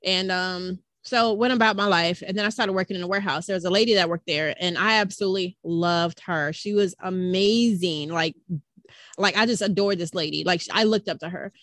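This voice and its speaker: A woman co-hosting a podcast tells a story in a chatty, conversational way and laughs along as she goes. Her lowish voice is brisk and fairly bright, with no room sound, suiting the casual storytelling chat.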